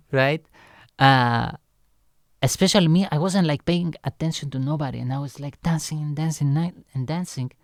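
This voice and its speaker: A man's voice: on the high side, no echo, clean studio sound. A young man telling a rambling, casual story as he reacts to his own song, loose and full of fillers and swearing.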